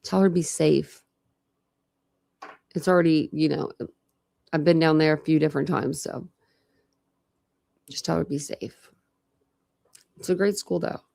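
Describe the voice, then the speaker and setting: A woman's voice: deep voice, steady tone, measured pace, creaky, long pauses, mellow. A woman hosting a true crime channel, chatting casually and thinking aloud as she reads out records. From Ohio. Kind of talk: casual case discussion, reading out records.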